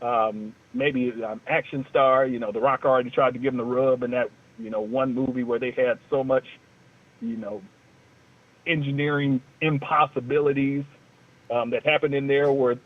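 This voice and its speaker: A man's voice: medium pitch, steady tone, moderate pace. Man on a tinny phone line, chatty. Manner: rambling, loose and joking. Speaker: co-host. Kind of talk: casual talk-radio chat.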